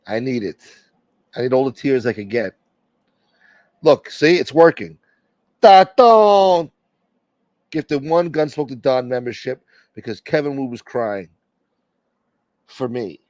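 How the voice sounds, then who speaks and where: A man's voice: mid-range voice, lively intonation, measured pace, pauses often, a little mellow, dry recording. A man hosting a casual livestream, joking brashly with viewers and swearing freely. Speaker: livestream host.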